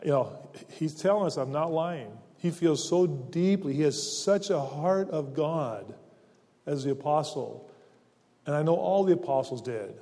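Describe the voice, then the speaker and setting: A man preaching a sermon, reading scripture with earnest, emphatic stresses and slowing down on key words. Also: fairly high pitch, animated, warm tone. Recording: long reverb of a large hall.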